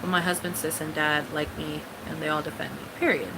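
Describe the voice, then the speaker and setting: A woman's voice: sits low, flat delivery, brisk, noisy background. A young woman from Mexico ranting bluntly and profanely in a casual live-stream chat. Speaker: vlogger.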